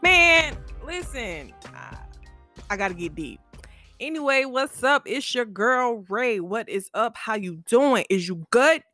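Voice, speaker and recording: A woman's voice: on the high side, lively intonation, unhurried, a bit bright, dry recording, faint music behind. A young woman hosting her own podcast, chatting playfully and then giving earnest, heartfelt advice. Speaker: podcast host. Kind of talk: casual storytelling talk.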